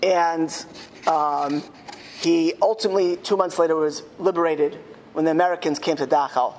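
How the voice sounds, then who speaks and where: A man, a rabbi, telling a story in a speech to school students. He slows down emphatically on key words. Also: fairly high pitch, steady tone, in a large hall, slight background noise. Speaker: rabbi giving a talk at a school. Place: school hall.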